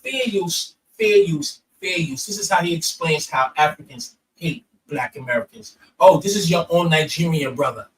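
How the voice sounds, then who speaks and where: A man hosting reaction commentary, rambling and profane, with hurried restarts. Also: a little high, big pitch swings, recorded from a distance, a little hiss or hum, rough recording. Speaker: commentary host.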